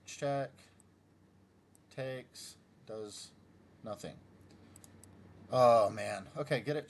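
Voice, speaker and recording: A man's voice: medium pitch, measured pace, pauses often. A middle-aged man casually thinking aloud as he works through chess puzzles, muttering move by move and teasing himself when he slips. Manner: mutters through moves, self-deprecating outbursts. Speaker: chess YouTuber solving puzzles.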